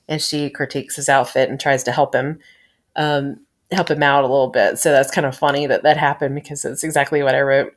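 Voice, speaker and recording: A woman in her thirties giving a rambling, gushing fan review of a TV episode, laughing and sighing as she talks. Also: low voice.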